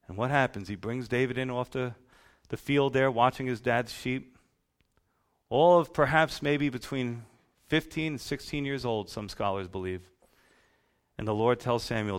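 A man preaching a sermon, retelling scripture in a folksy, storytelling way that swings between loud and soft. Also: medium pitch, normal speed. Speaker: pastor.

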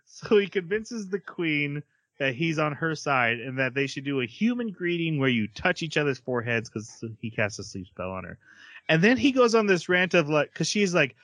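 A man hosting a podcast, chatting casually as he recaps an anime episode, laughing often and quickly acting out the characters' lines. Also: fairly high pitch, very animated, fairly bright tone, no echo. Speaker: podcast host.

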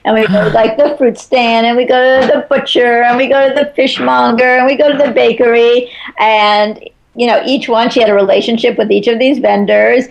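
Chatty woman with a gravelly edge. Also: a little high, fairly even intonation, a little fast, poor audio. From Chicago. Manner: chatty, storytelling, many "like" fillers. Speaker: guest, author. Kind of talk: conversational interview.

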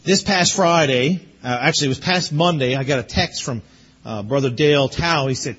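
A pastor delivers a sermon to graduates, chuckling through a story before earnestly urging them on. His voice is on the high side and a bit bright with a breathy edge, at a moderate pace, and the recording has its highs cut off.

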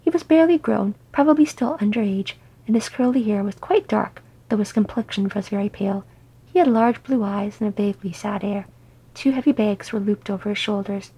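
A woman reading fan fiction aloud as an audiobook, in a soft, unhurried storytelling manner. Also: mid-range voice, husky, poor audio. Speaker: audiobook reader.

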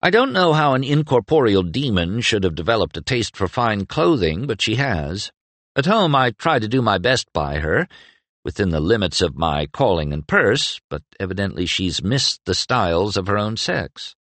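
A man voicing a thoughtful storybook young man who muses mildly and wryly. The voice sits just above the reader's deep register and moves in lively turns, recorded dry. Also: normal speed, no echo. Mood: musing. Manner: musing, mild.

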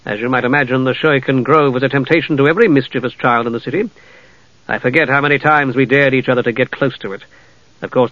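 A narrator gives voice to a proud, stern dark knight who speaks slowly and with grave weight. The storybook reading has a muffled, lo-fi tone and a dry, close sound. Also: male voice, medium pitch, no room sound, lightly acted. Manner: slow, measured, grave.

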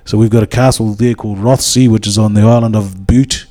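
Mellow, low-voiced New man. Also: fairly even intonation, brisk. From New Zealand. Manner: rambling, with many hesitations and restarts. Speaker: speaker at a church gathering. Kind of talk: informal devotional talk.

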